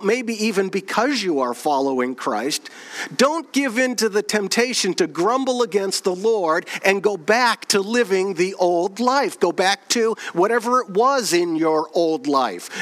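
A man preaching a sermon, reading scripture aloud, asking the congregation questions and slowing down on key phrases. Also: fairly bright tone. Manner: slows and drops low on key phrases. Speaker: pastor.

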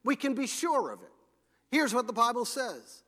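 A man preaching a sermon as pastor, earnest and slowing down to press scripture home. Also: extremely high pitch, sing-song, sharp tone. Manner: earnest, slows for scripture and emphasis. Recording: long hall reverb.

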